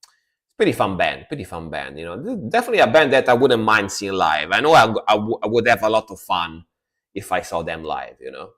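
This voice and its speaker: A man chatting casually on a music reaction live stream, laid-back and rambling, often trailing off quietly. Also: fairly low pitch, big pitch swings, fairly quick.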